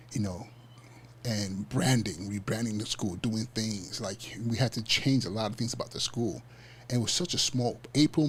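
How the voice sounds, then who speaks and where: A man hosting a podcast, telling a personal story in a casual, animated way. He restarts often and acts out the dialogue in street slang. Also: lowish voice, breathy edge. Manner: frequent fillers and self-restarts. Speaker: podcast host.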